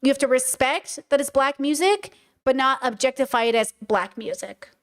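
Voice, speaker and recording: A woman's voice: sits high, normal speed. A young woman hosting a casual livestream podcast, talking in an emphatic, chatty way with many fillers and restarts. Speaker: podcast host.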